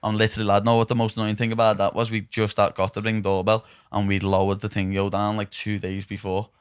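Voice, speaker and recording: A man's voice: on the low side, fast talker, smooth, no echo, clean studio sound. A young man with a Liverpool accent hosting a podcast, telling stories in casual chat, swearing and saying "lad" constantly. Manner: swearing, says "lad" constantly, animated storytelling. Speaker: podcast host.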